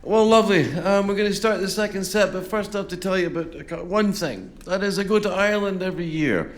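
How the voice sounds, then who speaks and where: A man's voice: high-pitched, fast, a crowd in the background, noisy background. A man chatting between songs at a folk concert, rambling and self-deprecating with lots of fillers, on a stage microphone. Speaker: folk singer-songwriter. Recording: live concert with faint music behind.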